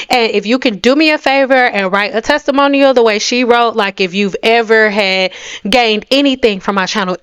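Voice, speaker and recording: A woman's voice: fairly high pitch, smooth, dry recording. A young woman hair care vlogger talking straight to camera, blunt and sassy, with emphatic delivery and playful mocking asides. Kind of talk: direct-to-camera rant.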